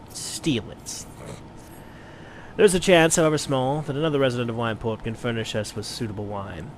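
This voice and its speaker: A man voicing a blind retired mercenary turned wine merchant, measured, courteous and wordy, for a game playthrough. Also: mid-range voice, slight background noise, close to an everyday voice. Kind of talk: let's play voice acting.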